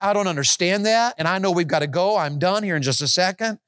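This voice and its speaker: A man's voice: sits high, fast, fairly bright tone, dry recording, studio quality. A man preaching a sermon in an auditorium, building to impassioned, pleading prayers.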